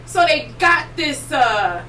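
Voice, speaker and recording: A woman podcast host excitedly telling a rambling story, full of fillers. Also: high-pitched, slow. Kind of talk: casual storytelling chat. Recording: roomy echo, distant mic, faint noise.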